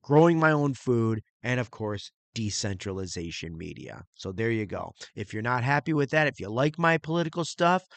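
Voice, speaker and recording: A man's voice: mid-range voice, big pitch swings, normal speed, hardly any pauses, no echo. A middle-aged man hosting his own channel, talking in a rambling, crude, casual way about music and his plans. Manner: rambling and crude, imitates beats with mouth sounds. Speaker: channel host reviewing music and movies. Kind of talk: casual solo vlog talk.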